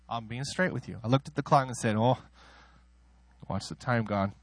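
A man preaching a sermon, emotional in delivery, moving between soft personal asides and loud, soaring declarations, with self-deprecating laughs. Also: a little slow, no echo. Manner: emotional, swings from soft asides to loud high-pitched exclaiming; laughs at himself between points.

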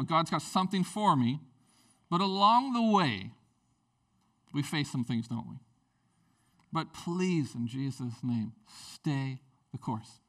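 Animated pastor preaching at a distance. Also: male voice, sits high. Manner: animated, candid, swings from quiet to near-shouting. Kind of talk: sermon.

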